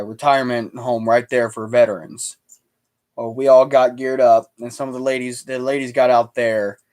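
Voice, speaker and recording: A man's voice: mid-range voice, darkish tone. A man hosting a casual livestream chat, telling stories with stumbling restarts. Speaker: livestream host.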